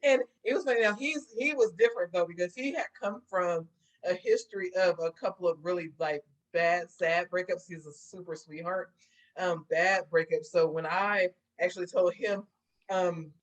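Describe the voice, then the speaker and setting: A woman's voice: fairly low pitch, moderate pace, poor audio. A woman guest in a casual interview, telling stories with lots of laughter and acting out what people said. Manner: animated storyteller, laughs often, acts out voices. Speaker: guest therapist.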